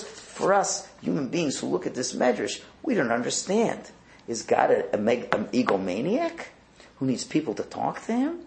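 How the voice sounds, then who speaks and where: Teaching a Torah class, this rabbi has a medium-pitched, creaky voice. He is an animated storyteller who acts out the different voices, heard with a roomy echo.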